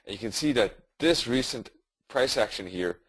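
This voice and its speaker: The speaker is a man presenting a trading webinar live, casually breaking down charts while thinking out loud, dropping fillers and correcting himself. He sounds expressive at medium pitch and normal speed, in a dry but poor-quality recording.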